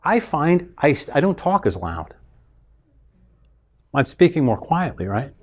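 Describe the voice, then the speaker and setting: Lively male instructor. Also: a little high, unhurried. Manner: animated, acts out sounds with his voice. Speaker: continuing education instructor. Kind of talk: classroom talk on public speaking. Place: classroom.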